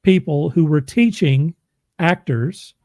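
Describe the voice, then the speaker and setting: A man's voice: fairly high pitch, slow, dark tone, dry recording. A man who narrates audiobooks, chatting casually in a rambling, self-deprecating way and laughing often. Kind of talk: casual chat.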